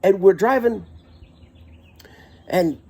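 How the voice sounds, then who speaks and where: A man's voice: sits high, expressive, slow pace, a little mellow, husky. A middle-aged man casually telling a rambling first-person story, with wry asides and frequent self-corrections.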